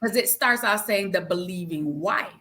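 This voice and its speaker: A woman guest telling the story of her marriage with animation and feeling, calling her listener "girl" and dropping to hushed tones at solemn moments. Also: fairly low pitch, normal speed. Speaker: guest sharing her testimony. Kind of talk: emotional personal storytelling.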